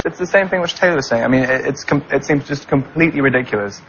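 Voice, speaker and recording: A man's voice: medium pitch, quick pace, fairly bright tone. A young man being interviewed, chatting casually and rambling, laughing often at himself. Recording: lo-fi with clear background noise.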